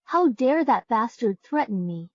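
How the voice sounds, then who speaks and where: An actress playing a sharp-tongued young wife, defiant and vengeful, speaking coldly. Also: female voice, fairly high pitch, sing-song, a little slow, no echo, highs cut off. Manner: cold, defiant. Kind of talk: dubbed drama acting.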